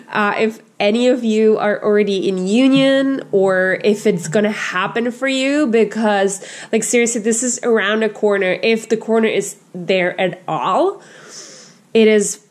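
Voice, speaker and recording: A woman's voice: mid-range voice, darkish tone. Gushing woman giving a tarot reading. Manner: gushing, repetitive, effusive; frequent fillers and restarts, addresses viewers as you guys. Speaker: tarot reader. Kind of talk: casual tarot reading to camera.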